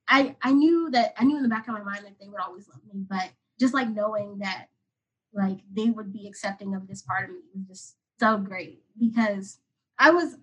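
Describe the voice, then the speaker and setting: A 21-year-old guest from Atlanta, USA, tells a podcast a personal story in a fairly high, fairly bright, slightly rough voice. Her delivery is casual, emotional and rambling, full of "like," and the audio is poor.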